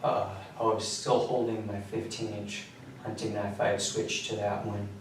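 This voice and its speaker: A man in a police interrogation room, recounting events flatly and matter-of-factly, his voice often trailing off low. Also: moderate pace. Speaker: suspect confessing. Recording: echoey room, mic far off, faint noise.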